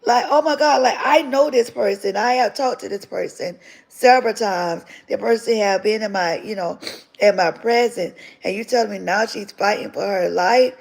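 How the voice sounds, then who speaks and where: Woman, livestream host; gravelly, mid-pitched voice; fervent spoken testimony that leans on repetition. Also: moderate pace, a little mellow, poor audio. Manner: fervent, repeats phrases for emphasis. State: tearful at times.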